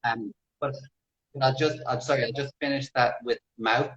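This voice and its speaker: A man with an Irish accent, a guest in a casual interview, explaining and demonstrating accents in a measured way. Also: mid-range voice, steady tone, a bit bright, highs cut off. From Ireland. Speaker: guest language expert.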